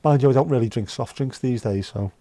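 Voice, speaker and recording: A man's voice: mid-range voice, brisk, warm tone, dry recording. Sweary man chatting on stream. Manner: rambling, sweary and wry. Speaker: livestream host. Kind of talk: casual chat reading viewer comments.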